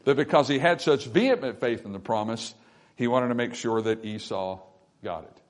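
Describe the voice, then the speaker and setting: A man's voice: mid-range voice, moderate pace. Man preaching with rising fervor. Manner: preaching with wide swings from hushed to emphatic. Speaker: pastor. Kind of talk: sermon. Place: church sanctuary.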